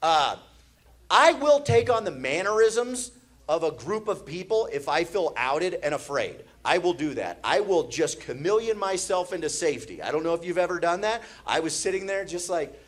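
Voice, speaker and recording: A man's voice: a little high, very animated, normal speed. A man from the Midwest doing stand-up comedy, telling anxious stories in a manic, rambling way on a comedy club stage.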